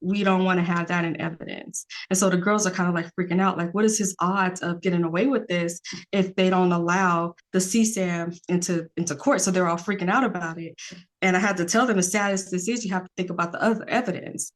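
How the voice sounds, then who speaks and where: A woman's voice: lowish voice, steady tone, brisk. A woman, a podcast guest talking earnestly in a rambling casual way, with many fillers.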